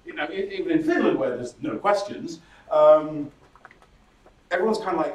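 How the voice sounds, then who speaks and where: A man presenting a startup workshop, lively and chatty, acting out audience members with laughing asides. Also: on the high side, moderate pace, long pauses. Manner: animated, acts out audience reactions with laughing asides. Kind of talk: presentation skills workshop talk. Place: workshop room. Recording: roomy echo from a distant mic.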